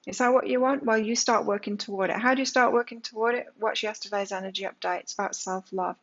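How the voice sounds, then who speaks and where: Slightly dull lo-fi audio carries a woman's mid-range, fairly bright voice, steady in tone as she talks fast. Reading tarot, she offers a daily energy reading with emphatic delivery and many rhetorical questions.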